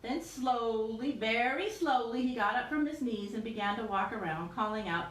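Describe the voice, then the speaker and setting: A woman, a teacher, reading a picture book aloud with animated storytelling. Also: on the high side, normal speed, few pauses. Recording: roomy echo with faint noise.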